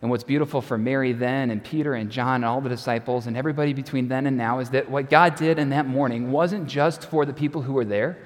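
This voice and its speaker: Conversational pastor preaching in a reverberant hall. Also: male voice, mid-range voice, fairly even intonation, fast talker, hardly any pauses. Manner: conversational and wry, with quiet trailing endings. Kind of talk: sermon. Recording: long reverb of a large hall.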